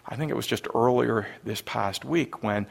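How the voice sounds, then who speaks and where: A middle-aged man from Canada preaching a sermon, an animated storyteller who acts out panicked scenes loudly. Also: mid-range voice, moderate pace, vocal fry, breathy edge. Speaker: pastor.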